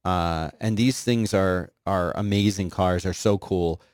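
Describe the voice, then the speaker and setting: Rambling excited guy hosting his show, kinda low voice, dry mic. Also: unhurried, smooth, dry recording. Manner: enthusiastic, rambling, playful. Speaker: podcast host. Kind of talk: casual chat.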